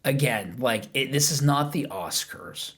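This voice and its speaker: A man's voice: medium pitch, a little slow, fairly bright tone. A man hosting a podcast in casual chat, rambling with lots of filler words. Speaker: podcast host.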